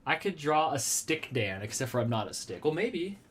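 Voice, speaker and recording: A man's voice: a little high, sing-song, moderate pace, fairly bright tone, breathy edge. A man hosting a casual live stream from a small room at home. He rambles in a playful way, answers viewer comments and jokes about himself. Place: small room at home with a red wall and lava lamps.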